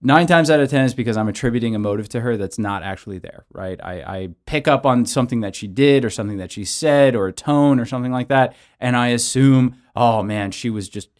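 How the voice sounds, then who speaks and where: A man who is both pastor and show host gives conversational Bible teaching and practical counseling advice earnestly, frequently tacking on "right?". His medium-pitched voice moves fast with hardly any pauses.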